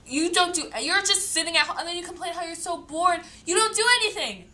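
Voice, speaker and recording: Vlog impression: a fed-up, scolding mom who keeps repeating herself, high and bright in pitch, as a girl mimics her. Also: brisk. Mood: nagging. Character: exasperated nagging mother, middle-aged.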